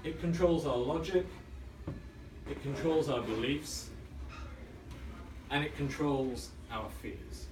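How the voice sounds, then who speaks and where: A man in his thirties giving a storytelling speech, dramatic and dropping to a hush for tension. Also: fairly high pitch, slow pace, long pauses, background noise. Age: 30s. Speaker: club speaker. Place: function room. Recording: echoey room, mic at a distance, faint ambience.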